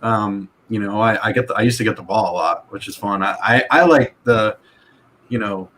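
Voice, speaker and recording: A man's voice: fairly low pitch, moderate pace, fairly bright tone. A young man chatting casually as a guest on a live stream, laid-back and laughing, with lots of "dude" and "like". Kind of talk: casual chat.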